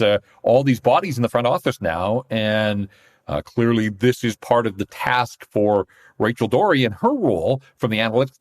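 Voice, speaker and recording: A chatty man co-hosting a hockey podcast. His voice sits at an ordinary middle pitch but rises and falls a lot. He tells stories in a relaxed way and laughs often. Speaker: podcast co-host, hockey reporter. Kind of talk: casual podcast chat.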